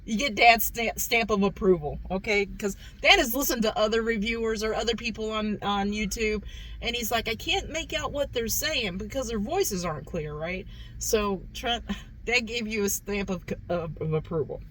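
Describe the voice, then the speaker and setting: A woman's voice: mid-range voice, normal speed, fairly bright tone, poor audio. Chatty woman hosting a food review. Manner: chatty, repeats herself, keeps calling viewers "guys". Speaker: food review channel host. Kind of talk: casual food review vlog.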